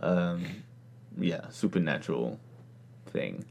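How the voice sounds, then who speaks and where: A man's voice: sits low, animated, slow, creaky, darkish tone. A man co-hosting a casual chat, rambling with fillers and laughing often. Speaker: podcast co-host.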